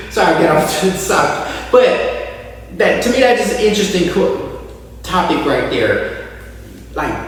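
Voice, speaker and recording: A man riffs on basketball in a high, swooping voice, dropping into mocking impressions. He talks at an unhurried pace. He sits back from the mic in a hard, echoey room with a long tail of reverb. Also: far from the mic. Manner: animated, mocking impressions of players and coaches. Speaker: podcast host. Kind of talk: casual sports commentary.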